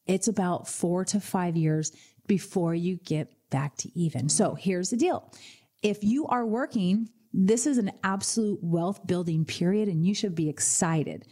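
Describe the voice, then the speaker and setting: A woman financial advisor hosting a radio finance show, telling lively client stories and acting out their reactions. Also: lowish voice, a little slow. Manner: energetic storyteller, acts out client voices.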